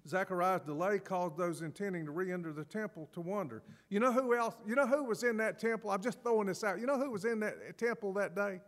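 A man preaching a sermon as pastor, animated and acting out scripture scenes with laughs. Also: sits high, brisk, hardly any pauses, long reverb tail.

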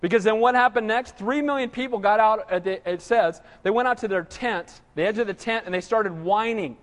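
A pastor with a notably high voice delivers a sermon in a chatty, joking way, firing rhetorical questions at his congregation. His voice rings out with a long reverb, as though in a large church sanctuary. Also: a little fast. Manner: conversational preaching with rhetorical questions and humor.

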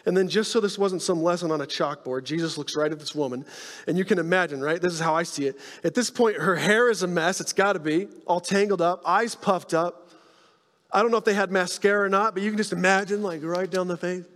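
A male pastor preaching a sermon, telling stories with animated energy and dropping to hushed tones to make his point. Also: high-pitched, brisk, big-room sound. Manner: animated storytelling, drops to soft hushed tones for emphasis.

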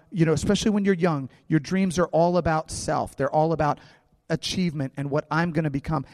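A man preaching a sermon, his voice a touch higher than most men's. He tells stories in an animated way and slips into quick character voices. The sound is close and dry at the mic, with a long reverb from a large church hall behind it. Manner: animated storytelling, acting out characters. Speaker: pastor.

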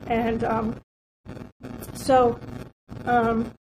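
A woman's voice: fairly high pitch, completely flat delivery, drawn-out words, a little mellow, slight background noise, low-quality recording. A woman sharing a heartfelt personal testimony from a church outreach, talking in a rambling way with many fillers and restarts.

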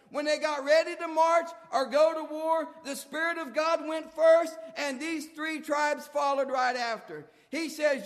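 A man preaching a sermon as pastor, impassioned and building to shouted lines. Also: very high-pitched, in a large hall.

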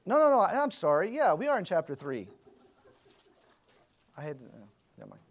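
Man teaching a Bible class, fairly high voice. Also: very animated, normal speed, pauses often. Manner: conversational, asks the class questions, corrects himself mid-sentence. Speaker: Sunday school teacher.

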